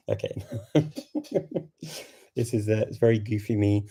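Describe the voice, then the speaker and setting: British guy chatting on a live q&a, low gravelly voice, lots of ums and laughs. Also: expressive, takes it slowly, pauses often, dark tone. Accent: British English. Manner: chatty, laughing, full of fillers. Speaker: host of a language livestream. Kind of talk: casual livestream Q&A.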